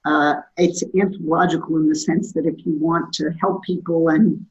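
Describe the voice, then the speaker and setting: A woman in her sixties, a sociology professor, giving thoughtful, measured answers as a guest. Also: deep voice, steady tone, dull audio. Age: 60s. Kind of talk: interview answers.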